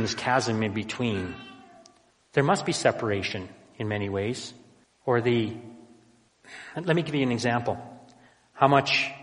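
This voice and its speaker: Guy pastor giving a sermon, mid pitch, slows way down on the big lines, echoey church hall. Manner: emphatic, slows down on key phrases, shifts between loud and hushed. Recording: long hall reverb.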